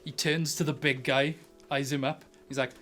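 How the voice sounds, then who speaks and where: A young man narrating a tabletop game as game master, animated and laughing often between his descriptions. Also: on the high side, normal speed, soft background music.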